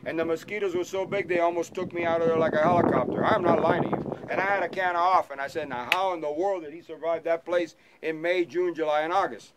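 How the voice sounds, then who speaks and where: Joking airboat guide over loud wind. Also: male voice, fairly high pitch. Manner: playful, teasing, storytelling. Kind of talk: joking guided tour talk to passengers. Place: outdoors on a moving airboat in wetlands. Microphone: 360 camera mounted on the boat.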